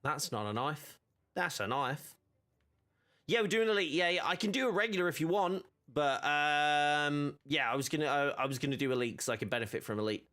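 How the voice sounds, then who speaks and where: A man's voice: fairly high pitch, fast, hardly any pauses, bright, forceful tone, clean tone. Chatty man streaming a game. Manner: rambling, chatty, many fillers and restarts. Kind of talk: casual gaming stream chat.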